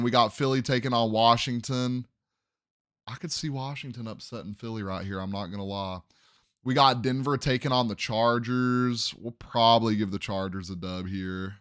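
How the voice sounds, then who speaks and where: A young man with a medium-pitched, slightly bright, clean voice hosts a sports podcast, recorded dry in studio quality. He casually runs through game predictions, thinking aloud and second-guessing his picks.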